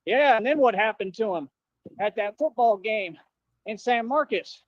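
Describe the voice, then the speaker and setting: A man's voice: high-pitched, animated, moderate pace, dull audio. A man in a replayed clip, talking defiantly in street slang and calling people bro. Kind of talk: clip played on a livestream.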